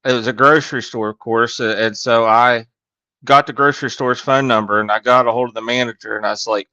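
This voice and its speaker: A man's voice: medium pitch, fairly even intonation, a little fast, bright, forceful tone, no echo. A man co-hosting a casual podcast, telling a work story with self-deprecating wry humor. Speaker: podcast co-host, HVAC technician. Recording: dull, dry lo-fi audio.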